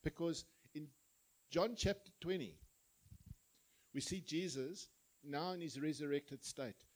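A man's voice: fairly high pitch, takes it slowly, rough recording. A man preaching a sermon, telling parables and acting out the voices of their characters. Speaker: pastor. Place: church.

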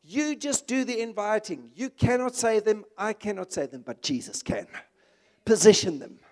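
Male preacher, high voice, impassioned conversational sermon delivery. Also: animated, normal speed, darkish tone.

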